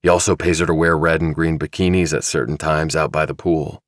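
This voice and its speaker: Cast: a male narrator as a deep-voiced, steady investigator who presses his questions. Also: a little fast, dry recording, studio quality. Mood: probing. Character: calm, probing male investigator. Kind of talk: audiobook dramatization.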